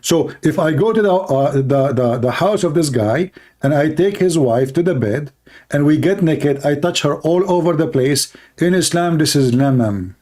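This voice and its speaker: Man, higher-pitched voice, dry throat and frequent throat clearing, emphatic and challenging as he hosts a livestream debate. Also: animated, normal speed, darkish tone. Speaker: debater and host.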